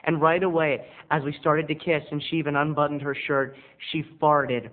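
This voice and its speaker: With a flat delivery at a moderate pace, the man rambles on camera from his bedroom studio in a self-mocking confessional. He's a video blogger whose slightly high voice sounds tinny and thin, like a phone line.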